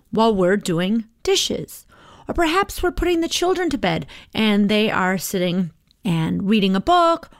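A woman's voice: mid-range voice, no echo, clean studio sound. A middle-aged woman coach speaking in a conversational, reflective podcast monologue, often checking in with "right?".

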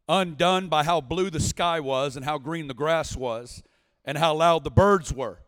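Man in his forties, from Arkansas, guest preacher, fairly high voice, animated storytelling with shouted bursts, big hall reverb. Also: unhurried, some chatter behind. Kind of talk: sermon testimony. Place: large church sanctuary.

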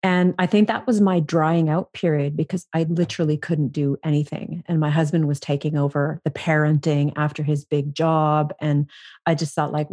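Frank, low-voiced woman guest. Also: normal speed, dry recording. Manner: frank, profane, animated when quoting herself. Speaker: podcast guest. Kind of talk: candid storytelling interview.

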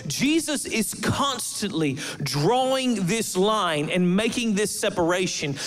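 High-voiced man preaching a sermon. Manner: preaching with emphatic pauses and shifts in pace. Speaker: pastor. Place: church.

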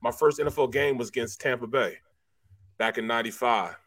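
A middle-aged former football player co-hosting a sports talk show, telling stories in a relaxed way, laughing and saying "man" a lot. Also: mid-range voice, a little fast. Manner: relaxed, laughing storyteller, says "man" often.

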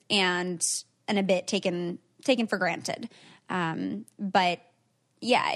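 With a medium-pitched, fairly bright voice, a young woman muses casually on her podcast. Her talk is thoughtful and laced with many "like"s.

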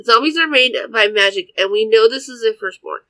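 Brief: tough, snappy demon-hunter woman, high-ish and dry, done by a woman storyteller. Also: a little fast, pushed and bright, no room sound. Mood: tense. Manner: blunt, snappish. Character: brash female demon hunter sidekick.

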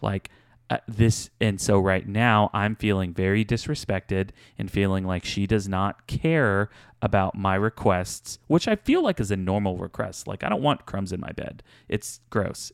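A man's voice: on the low side, gravelly, smooth, no room sound, studio quality. A man in his thirties co-hosting a podcast, telling a candid personal story in a confessional, casual way. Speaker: podcast co-host. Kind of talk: casual chat.

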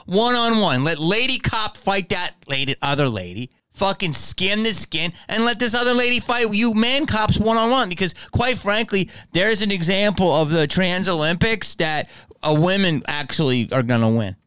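A man's voice: high-pitched, lively intonation, normal speed, a bit bright, clear, resonant tone, no echo. A man hosting a podcast, delivering a profane, heated and sarcastic casual rant as commentary. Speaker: podcast host.

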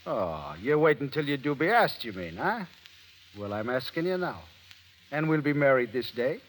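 An actor playing a hot-tempered Irish sailor in love, fiery and blustering. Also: male voice, medium pitch, big pitch swings, normal speed. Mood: pressing. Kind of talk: dramatic acting. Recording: long reverb.

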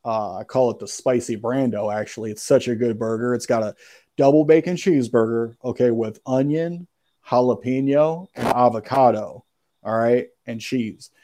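Dude telling a story, mellow low-key voice, says bro a lot, lots of cussing. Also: male voice, moderate pace. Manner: slangy, profane, keeps saying "bro". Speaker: podcast guest. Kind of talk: casual storytelling.

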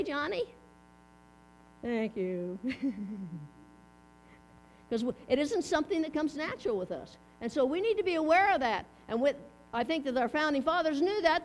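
A middle-aged woman giving a chatty, folksy sermon, asking her listeners questions. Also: very high voice. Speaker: preacher. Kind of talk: casual sermon. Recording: mains hum underneath.

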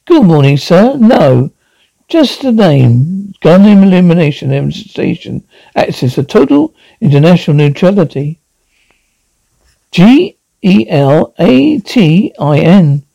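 A man's voice: fairly high pitch, sing-song, normal speed, vocal fry, mellow, no room sound, lo-fi sound, heavily acted. A man playing a nervous young door-to-door activist who stammers politely.

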